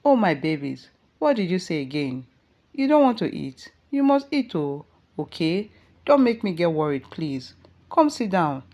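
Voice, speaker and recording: A woman with a Nigerian accent, her voice low, darkish and animated at normal speed, plays a scheming, cruel young mother in a storybook tale. She hisses and scolds, then switches to a fake, syrupy sweetness. The highs of the recording are cut off.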